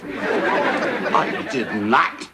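Patient sitcom husband, dry replies, mid-pitched but lively, audience laughing in the background. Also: male voice, drawn-out words, a loud crowd, very noisy, full character voice. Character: patient, mild-mannered sitcom husband and father. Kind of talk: 1980s sitcom acting.

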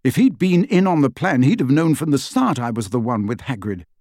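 A man's voice: mid-range voice, expressive, a little fast, darkish tone, no room sound, clean studio sound, natural voice. A man voicing an earnest teenage boy who talks hesitantly.

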